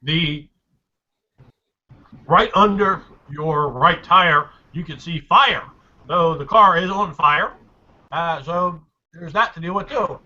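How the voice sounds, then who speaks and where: A man narrating a tabletop game as game master, describing scenes with halting fillers and restarts. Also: on the high side, pushed and bright. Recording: dull lo-fi recording, faint noise.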